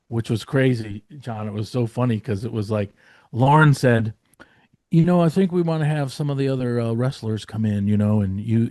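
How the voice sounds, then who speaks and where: Male guest storyteller, mid-pitched, loose and rambling, curses freely, dry close mic. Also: a little mellow, no room sound. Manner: rambling, profane, lots of fillers. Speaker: podcast guest, former comedy writer. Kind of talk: casual storytelling.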